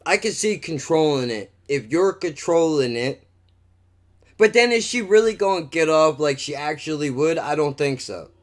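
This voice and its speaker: Animated, profane male podcast host. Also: fairly high pitch, normal speed. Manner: animated, profane, says "dude" and "bro" a lot. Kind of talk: casual storytelling monologue.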